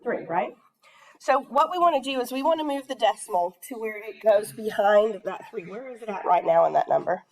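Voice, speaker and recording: A woman's voice: a little high, lively intonation, a little fast. Patient woman teaching a math class. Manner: patient, checks in with questions. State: coughing, throat catching.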